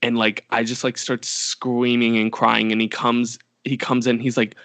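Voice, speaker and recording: A man's voice: mid-range voice, monotone, moderate pace, fairly bright tone, no room sound. A young man co-hosting a podcast, telling rambling stories full of fillers. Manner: rambling storyteller, many fillers. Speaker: podcast co-host. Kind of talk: casual chat.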